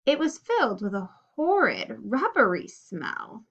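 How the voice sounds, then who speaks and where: A woman reading a children's story aloud in an expressive, animated way. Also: on the high side, measured pace, husky. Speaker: reader. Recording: dull lo-fi recording.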